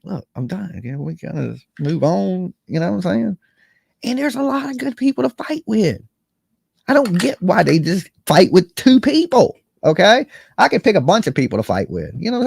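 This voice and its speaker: A man's voice: high-pitched, creaky, darkish tone, husky, no echo, studio quality. A man, just woken up, ranting casually as a livestream host, rambling and repeating "okay" and "you know what I'm saying".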